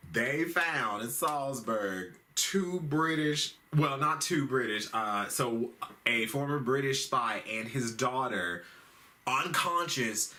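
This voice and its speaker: A man hosting a comedic news recap in a very bright, sharp voice. He rambles in a slangy, profane way. His pitch sits at an ordinary male level. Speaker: host.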